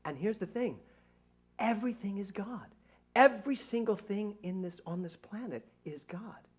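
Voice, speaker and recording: A middle-aged man, a minister, giving a conversational sermon to a congregation, animated and joking at his own expense. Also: high voice, moderate pace, slightly rough. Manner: animated, jokey, self-mocking. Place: church service before a congregation.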